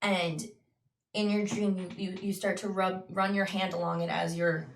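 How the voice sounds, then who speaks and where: A woman game master slowly narrating a tabletop dream scene, with small restarts. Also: lowish voice, little pitch movement, gravelly, far from the mic, slight background noise. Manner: slow, descriptive storytelling with restarts. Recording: echoey room, voice off-mic.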